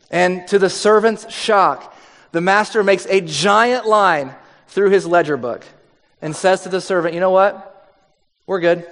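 A man preaches in a loose, conversational style, reading scripture aloud and acting out the lines. His voice sits high for a man, and it rings with a long hall reverb. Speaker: pastor.

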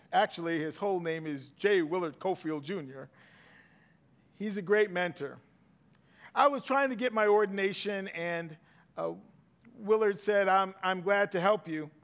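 Animated high-voiced male preacher. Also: a little slow. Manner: animated, swings from loud emphasis to hushed asides. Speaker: pastor. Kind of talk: sermon.

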